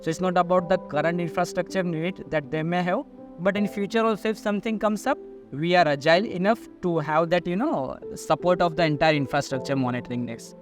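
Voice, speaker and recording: A man with a fairly high voice answers interview questions as a sales manager. He explains at length, stringing lists of items together with "so". Soft music plays quietly underneath. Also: brisk. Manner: explanatory, long listing sentences strung with "so".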